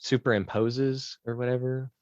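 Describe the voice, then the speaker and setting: A man's voice: mid-range voice, flat delivery, normal speed, dry recording, highs cut off. A man co-hosting a podcast, casually telling rambling stories and acting out what people said. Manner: rambling storyteller, acts out quotes. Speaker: podcast co-host. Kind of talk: casual chat.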